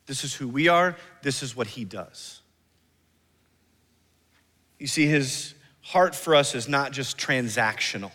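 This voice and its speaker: A man in his thirties preaching a sermon as pastor, emphatic, slowing down and dropping soft on key phrases. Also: on the high side. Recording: long reverb of a large hall.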